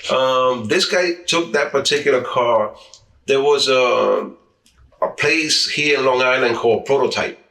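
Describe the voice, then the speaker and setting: Recorded on a distant mic in a roomy space, a former street racer from the New York area speaks in a mid-range, sharp voice without hurrying. As an interviewee he shares casual stories, performs the dialogue he quotes and frequently restarts phrases.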